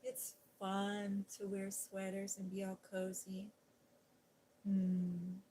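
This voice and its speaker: A woman hosting a soft-spoken ASMR livestream, chatting gently with viewers and recapping a children's story in a sweet, cooing tone. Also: medium pitch, completely flat delivery, slow, a little hiss or hum, low-quality recording. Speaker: ASMR host reading aloud.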